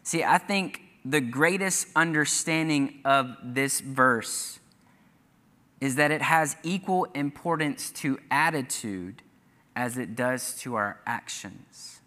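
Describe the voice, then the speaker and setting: Man, pastor, earnest sermon, bright forceful tone, echoing church hall. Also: medium pitch, slow. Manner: earnest preaching, reads scripture aloud with emphatic rises. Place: church sanctuary.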